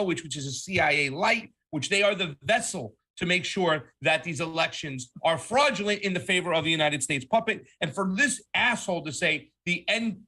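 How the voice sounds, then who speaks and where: A man's voice: sits high, sharp tone. A man co-hosting a casual political commentary show, heated and profane, often calling listeners "fam". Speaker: co-host.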